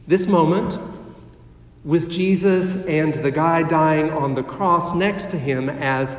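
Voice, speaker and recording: A pastor delivering a sermon, speaking in a slow, measured way with dramatic pauses. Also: male voice, on the high side. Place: church sanctuary. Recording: echoey hall heard from a distance.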